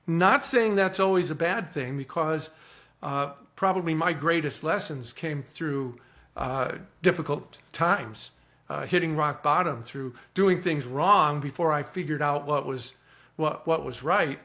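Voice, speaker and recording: A man with a fairly high voice gives an earnest, animated account as a podcast guest. He often repeats words as he starts a thought. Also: measured pace. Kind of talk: reflective storytelling.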